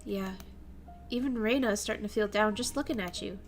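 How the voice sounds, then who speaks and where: Woman reading gentle caring teenage schoolgirl, soft, concerned, a little lifted. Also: medium pitch, brisk, faint music behind, natural voice.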